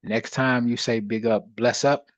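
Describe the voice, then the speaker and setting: A man's voice: medium pitch, steady tone, a little slow, dry recording. A man hosting a live trading stream, chatting casually and reading the chat aloud. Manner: laid-back, chatty, reads chat aloud. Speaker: livestream trading host.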